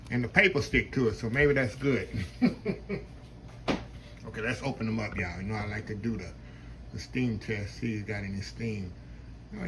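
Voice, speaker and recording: A man's voice: medium pitch, a bit bright, a little hiss or hum, rough recording. A man hosting a casual home cooking vlog, chatty and folksy, talking to viewers as y'all in his kitchen. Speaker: home cooking channel host.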